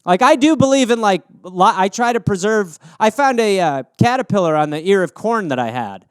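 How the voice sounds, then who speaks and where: A man's voice: high-pitched, expressive, normal speed, clean tone, no room sound, studio quality. A man in his thirties hosting a comedy podcast alone, riffing on listener suggestions, rambling and swearing, and slipping into silly voices.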